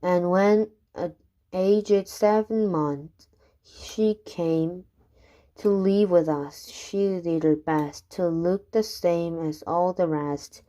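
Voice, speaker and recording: Woman reading rhyming kids' poems aloud; lowish voice, very slow, the odd stumble and restart. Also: warm tone. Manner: unhurried, with occasional stumbles and restarts. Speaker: reader.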